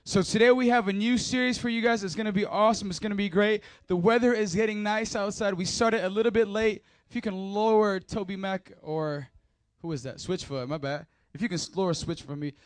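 A man's voice: high-pitched, fairly quick, no echo. A man leading a church service as pastor, joking and playful, firing up the crowd into a mic. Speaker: youth pastor. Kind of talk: energetic church service talk. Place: church hall.

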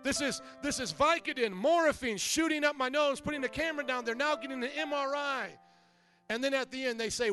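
A middle-aged man preaching a sermon as pastor, telling humorous stories in an animated way. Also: extremely high pitch, moderate pace, faint music behind.

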